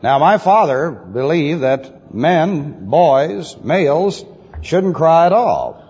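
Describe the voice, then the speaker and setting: A man's voice: on the high side, big pitch swings, slow, a little mellow, breathy edge. A man teaching a methodical sermon, repeating key phrases with emphasis, on an old recording. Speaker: pastor teaching doctrine. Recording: lo-fi old recording in a reverberant hall.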